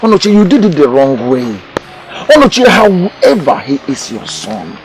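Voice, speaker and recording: A man's voice: fairly high pitch, big pitch swings, moderate pace, noisy background. An actor playing an elder brother counseling his sibling, with a Nigerian accent. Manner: reasoning, counseling. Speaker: brother and mediator.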